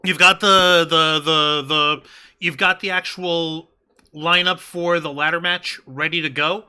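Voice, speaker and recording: A man's voice: fairly high pitch, fairly even intonation, a little slow, bright, forceful tone, clean tone. A man co-hosting a wrestling review show in casual chat, rambling and swearing freely. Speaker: podcast co-host.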